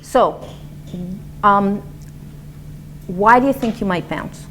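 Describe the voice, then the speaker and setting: A woman lecturing a class on dance and movement therapy in an animated, demonstrative way, acting out example voices. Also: medium pitch, slow, noisy background.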